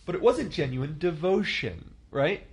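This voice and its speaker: Very animated and unhurried, a man in his thirties leads a church leadership class in a conversational style. He poses questions to the group and performs quotes, his voice fairly high in pitch.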